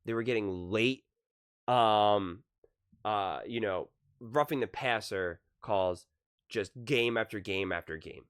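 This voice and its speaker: A man hosting his own sports commentary vlog, ranting with animated energy and acting out the fans he quotes. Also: on the low side, slow, clean tone, no room sound, studio quality. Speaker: sports commentary channel host.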